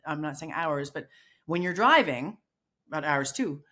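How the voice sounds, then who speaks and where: Low-voiced woman, animated podcast storyteller. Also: moderate pace. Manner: animated storyteller, many restarts and acted quotes. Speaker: podcast co-host. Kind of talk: casual chat.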